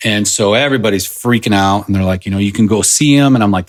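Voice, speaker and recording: Low-voiced man telling a personal story. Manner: halting, many fillers and restarts. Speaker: podcast guest. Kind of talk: casual conversational storytelling.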